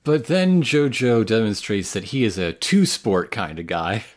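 Animated man joking on a podcast. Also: on the low side, a little slow. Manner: jokey, laughs often, speeds up when excited. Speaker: podcast co-host. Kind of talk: casual chat recapping an anime.

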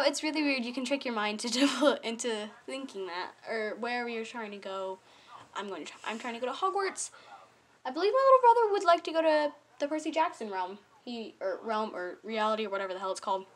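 A young woman casually explaining something at home, rambling and correcting herself with little laughs. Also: a little high. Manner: rambling, self-correcting, giggly. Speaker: vlogger. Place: home bedroom or living room with TV.

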